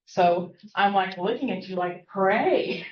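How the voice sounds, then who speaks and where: A woman's voice: fairly low pitch, reverberant, lo-fi sound, a little hiss or hum. A woman professor from the American South with a Southern accent, giving a chatty, interactive workshop talk in a classroom and often asking "right?". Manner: fast-talking, chatty, often adds "right?". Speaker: college professor.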